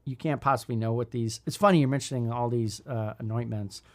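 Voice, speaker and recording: A man's voice: mid-range voice, fairly quick. A man in his thirties co-hosting a leadership podcast, talking in a thoughtful, rambling way with many restarts. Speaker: podcast co-host. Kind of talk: casual leadership podcast chat.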